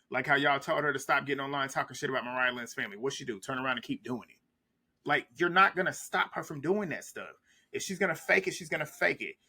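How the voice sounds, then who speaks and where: A man's voice: a little high, pushed and bright, husky. A man, recapping a reality show in casual, blunt, trash-talking commentary.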